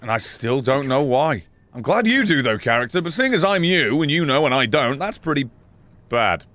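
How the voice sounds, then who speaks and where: Excitable, swearing gaming commentator man. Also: mid-range voice, normal speed, no echo. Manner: excitable, profane, laughs often. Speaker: gaming YouTuber. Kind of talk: let's play commentary.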